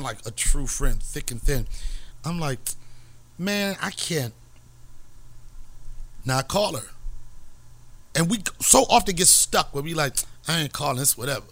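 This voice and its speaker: Animated profane man with a gravelly voice. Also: fairly high pitch, moderate pace, pauses often. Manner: profane, animated, laughs often. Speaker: podcast host. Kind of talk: casual storytelling.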